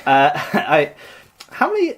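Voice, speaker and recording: Brief: podcast co-host, animated up-and-down voice, rambling jokey chat. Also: male voice, a little high, slow, a crowd in the background. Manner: rambling, lively storytelling with restarts. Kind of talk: casual comedic chat.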